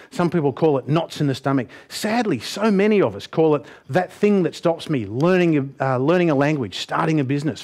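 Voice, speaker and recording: A man giving a humorous, animated motivational presentation and putting on voices for his stories. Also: medium pitch. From Australia. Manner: jokey, animated, puts on voices. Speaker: motivational speaker.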